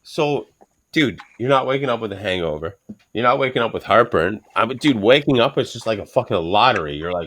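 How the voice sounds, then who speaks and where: A man's voice: on the low side, expressive, a little fast, fairly bright tone, a little hiss or hum. A middle-aged man hosting a casual podcast, rambling animatedly and swearing constantly. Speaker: podcast host. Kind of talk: casual profane podcast banter.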